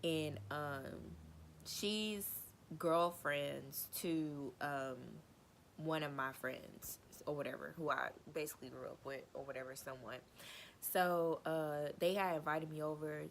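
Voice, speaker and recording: Low-voiced girl doing a storytime vid, slangy, cussing, acting out everybody's lines. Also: unhurried, vocal fry, a little hiss or hum. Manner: animated, slangy, swears freely, acts out quotes. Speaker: storytime vlogger. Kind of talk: casual storytelling.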